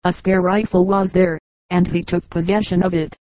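A woman narrating an adventure novel in a steady, even reading that also voices the dialogue. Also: on the low side, moderate pace, no echo, low-quality recording. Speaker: audiobook reader. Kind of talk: scripted narration.

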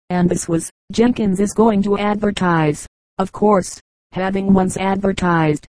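A woman narrating humorous anecdotes for an audiobook in an even, measured way. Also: on the low side, dry recording, rough recording. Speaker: audiobook reader.

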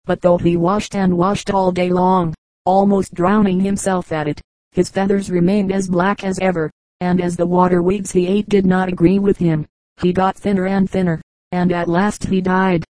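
A woman reading fables aloud as an audiobook narrator, in a calm, measured way. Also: fairly low pitch, no room sound, low-quality recording. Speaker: audiobook reader. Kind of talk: storybook narration.

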